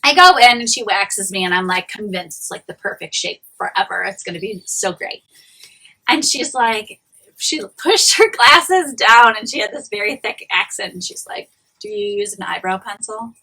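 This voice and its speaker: A woman's voice: medium pitch, expressive, moderate pace, bright, forceful tone, breathy edge, poor audio. A woman, chatting casually through a live-streamed beauty tutorial, confiding and full of restarts. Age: 40s. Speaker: beauty vlogger and shop owner. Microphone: phone or camera close up, live stream.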